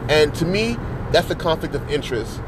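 A man's voice: on the high side, big pitch swings, fairly quick, noisy background. A man hosting a casual solo podcast from inside his car, rambling with many restarts as he vents his frustration. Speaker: podcast host.

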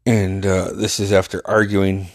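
A man's voice: low voice, monotone, measured pace, no echo, studio quality. A man casually telling a profane, exasperated story and acting out what people said. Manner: profane, exasperated, acts out quotes.

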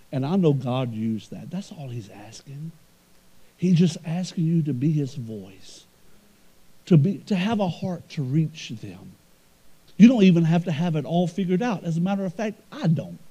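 Pastor, male, lively sermon delivery, warm dark voice. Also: medium pitch, slightly rough, highs cut off. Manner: preaching with rising emphatic swells and quiet storytelling asides.

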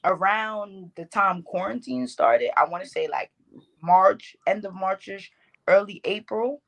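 A woman's voice: mid-range voice, unhurried. A woman poet in a casual interview, talking in a heartfelt, rambling way with many fillers. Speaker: poet guest.

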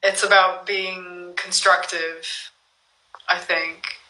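A woman's voice: lowish voice, little pitch movement, extremely slow, sharp tone, roomy sound, rough recording. A woman guest in a casual chat, thoughtful and reflective.

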